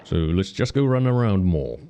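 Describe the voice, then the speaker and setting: Deep-voiced Finnish man streaming a game. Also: big pitch swings, normal speed, dark tone, slight background noise. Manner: rambling, self-correcting, explains mechanics as he plays. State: hiccuping. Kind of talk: casual gameplay commentary.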